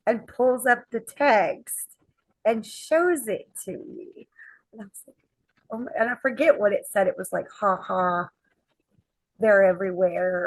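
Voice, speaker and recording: A woman guest on a chat podcast, telling a lively anecdote and acting out the quoted dialogue. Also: medium pitch, vocal fry, no room sound, rough recording. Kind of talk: casual storytelling chat.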